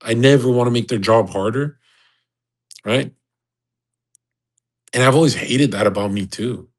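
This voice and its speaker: A man's voice: medium pitch, unhurried, low-quality recording. A young adult man, hosting an audio chat room in a blunt, crude, casual rant.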